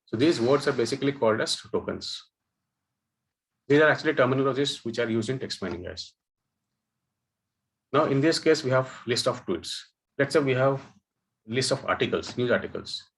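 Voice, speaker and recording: A man's voice: on the low side, a little hiss or hum, rough recording. A man teaching a webinar, explaining terms step by step and often checking in with "okay" and "guys". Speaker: data science instructor. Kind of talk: webinar lecture.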